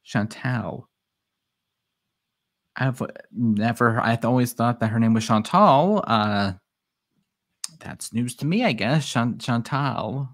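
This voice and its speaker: A man's voice: medium pitch, unhurried. A man giving sarcastic, exasperated commentary while reacting to a livestream. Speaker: reaction streamer.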